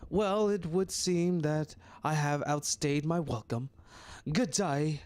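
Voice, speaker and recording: A man voicing a fussy, indignant older gentleman in a game, attempting a British accent. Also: fairly high pitch, takes it slowly, voice pushed up. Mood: haughty. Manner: pompous, indignant. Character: fussy older gentleman obsessed with Victorian fashion. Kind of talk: reading a dating-game script aloud.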